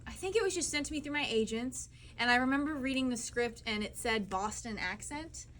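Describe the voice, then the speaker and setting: A young actress woman telling chatty, animated stories with fillers at a live cinema Q&A. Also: high voice, a little fast, a little hiss or hum. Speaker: actress at a screening Q&A. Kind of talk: live Q&A storytelling. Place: cinema auditorium.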